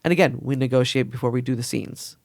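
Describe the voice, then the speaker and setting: A woman talking openly as a podcast guest, laughing often and sometimes rushing through her words. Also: very deep voice, fairly even intonation, creaky, a little mellow, no echo, studio quality. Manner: candid, laughing, fast bursts. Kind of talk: casual chat.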